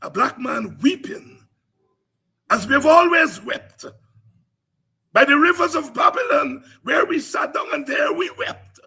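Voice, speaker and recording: A Guyanese man hosting a political commentary program, speaking in an impassioned, preaching cadence that rises to cries and shouts. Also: very high-pitched, lively intonation, a little slow, gravelly, pauses often.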